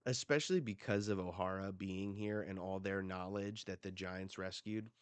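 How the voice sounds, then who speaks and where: A man hosting a live manga reading reaction, casual and animated, swearing freely as he gets excited. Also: on the low side, dry recording.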